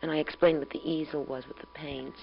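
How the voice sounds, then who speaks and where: Low-voiced young mother on an old tape. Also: fairly quick, vocal fry. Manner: calm, tender, rambling and reflective. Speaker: mother recording a tape letter. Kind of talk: intimate spoken letter. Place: at home. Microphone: home tape recorder. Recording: dull old home tape with hum.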